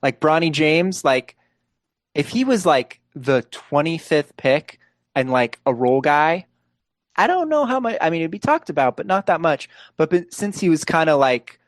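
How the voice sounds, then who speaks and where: A young man in casual sports chat on a podcast, relaxed and filling his talk with "like". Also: a little high, moderate pace, no room sound. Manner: relaxed, leans heavily on "like" fillers. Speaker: podcast co-host.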